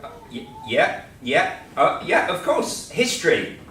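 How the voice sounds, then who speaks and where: Slow, playful male teacher in an echoey room. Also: a little high, big pitch swings, sharp tone, a little hiss or hum. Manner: playful, joking, talks while drawing. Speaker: teacher presenting a school assembly. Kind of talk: light-hearted assembly presentation. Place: school room. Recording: echoey room, mic at a distance.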